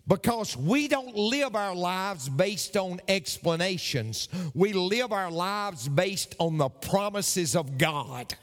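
Slow, high-voiced preacher in a reverberant hall. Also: male voice, expressive. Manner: emphatic preaching, repeats key phrases. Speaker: pastor. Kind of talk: sermon.

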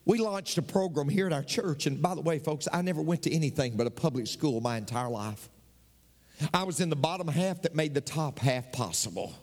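A man preaching a sermon as pastor, swinging between sudden high bursts and slow, drawn-out lines. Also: lively intonation. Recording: long hall reverb.

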